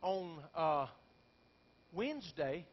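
A male pastor preaching a storytelling sermon. He talks to the congregation in folksy asides and climbs into shouted peaks. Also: a little high, very animated, drawn-out words. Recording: dull lo-fi sound with faint background noise.

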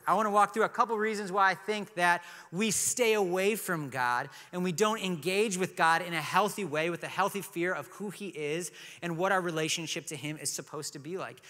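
Bright-voiced pastor in a reverberant hall. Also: male voice, high voice, a little fast, hardly any pauses. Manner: conversational storytelling with light humor. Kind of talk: sermon. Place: church sanctuary.

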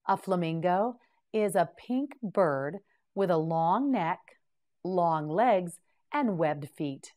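A woman teaching English vocabulary in a scripted lesson. She pronounces each word clearly, pauses for the learner to repeat it, and answers with short praise. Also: lowish voice, darkish tone. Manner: clear, careful enunciation with short encouraging praise.

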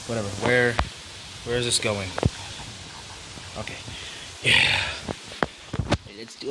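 A man's voice: medium pitch, level tone, slow pace, long pauses. A man hosting a gaming video, chatting playfully with viewers as he plays. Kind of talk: casual gameplay commentary. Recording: loud background noise.

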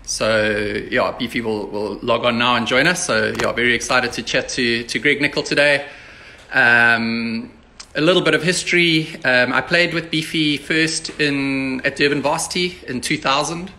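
A man's voice: mid-range voice, steady tone, normal speed, pushed and bright, a little hiss or hum. A man hosting a casual interview over a video call, chatty and teasing in his banter. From South Africa. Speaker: host.

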